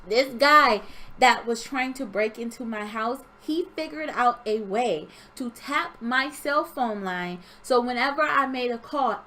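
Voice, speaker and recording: A young woman telling a story from her dream in an animated, expressive way, acting out sounds. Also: on the high side. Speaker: vlogger. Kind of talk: storytelling vlog.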